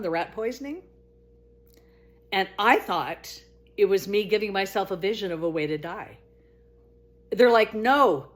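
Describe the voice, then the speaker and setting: A middle-aged woman casually recounts her own story in an animated way. She leaps up to high, exclaimed quotes, drops down to low murmurs, and laughs along the way.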